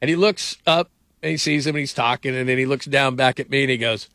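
Bright, rambling middle-aged radio host. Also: male voice, mid-range voice, fast talker, no room sound, studio quality. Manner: rambling storyteller, heavy on fillers. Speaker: radio sports talk host. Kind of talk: casual sports talk radio.

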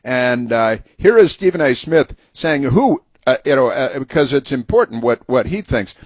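A man's voice: mid-range voice, animated, moderate pace, husky, no echo. Male talk radio host, sarcastic, mocking, rambling with fillers, dry close mic. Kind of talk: opinionated talk radio commentary.

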